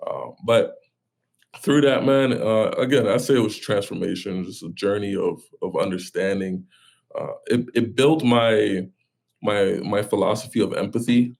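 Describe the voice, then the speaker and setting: A man in his thirties talking as an interview guest, halting and reflective, often restarting and correcting himself. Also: on the low side, creaky. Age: 30s.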